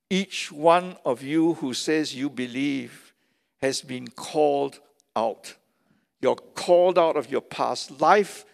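A man delivering a sermon at an unhurried, deliberate pace, with a gravelly edge in his voice. He drives his points home by repeating key phrases. The sound carries a long reverb, as if from a large church hall. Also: on the high side, a little mellow. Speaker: pastor.

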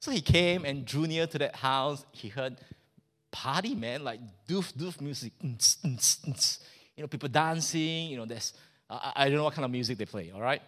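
A man's voice: mid-range voice, moderate pace, fairly bright tone. A man preaching a sermon in a casual, joking way, often asking the congregation questions.

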